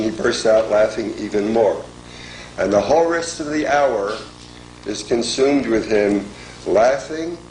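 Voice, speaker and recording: An older man giving a formal lecture, speaking in a measured, deliberate way with many pauses. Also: fairly low pitch, a little mellow, a little hiss or hum. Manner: measured, deliberate, pausing often. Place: lecture hall. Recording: echoey lecture hall.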